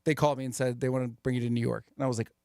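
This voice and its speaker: A man's voice: mid-range voice, level tone, very fast, vocal fry, darkish tone, dry recording, clean studio sound. A man who is a comedian, guesting on a radio show and telling a loose story with many restarts. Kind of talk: casual radio interview.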